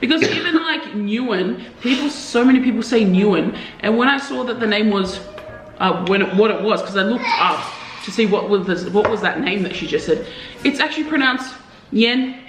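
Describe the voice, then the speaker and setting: A woman hosting a vlog in casual chat, lively and teasing, laughing easily. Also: mid-range voice, normal speed. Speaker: vlog host. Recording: echoey room with music behind.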